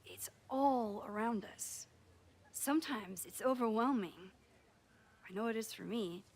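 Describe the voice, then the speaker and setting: An actress voicing a gentle young woman photographer who teaches a class, in video game dialogue. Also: fairly high pitch, measured pace. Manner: soft-spoken, thoughtful.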